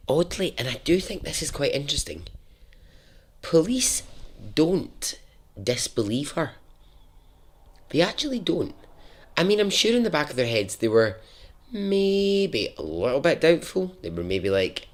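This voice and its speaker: A man's voice: medium pitch, big pitch swings, a little slow, long pauses, soft background music. A man hosting a podcast, telling a story casually with frequent laughter and chatty asides. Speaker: podcast host.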